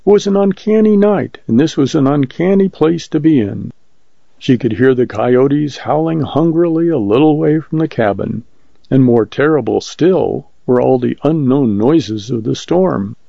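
A man reading a short story aloud as a volunteer narrator, in a measured, steady way. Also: mid-range voice, vocal fry, dry recording. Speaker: volunteer reader of short stories. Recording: dull lo-fi recording.

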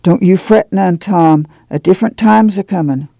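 A woman radio reader voicing a steadfast, soothing farm mother with a gravelly rural drawl. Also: fairly low pitch, moderate pace, mellow, dry recording. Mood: tender.

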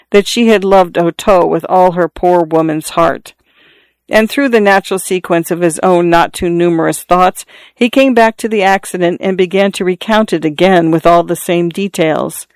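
A measured audiobook narrator reads a classic tale with steady, even storytelling. The voice is smooth and resonant. It sits close and dry on a studio mic with no room around it. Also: mid-range voice, no echo.

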